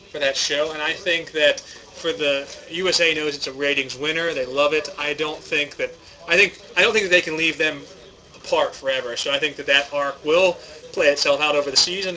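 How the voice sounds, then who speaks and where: A young man with a very bright, forceful voice chats loosely on a tournament stream, rambling and poking fun at himself. His pitch sits a little high. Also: rough recording. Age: young adult. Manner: joking, rambling, self-deprecating. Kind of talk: casual chat.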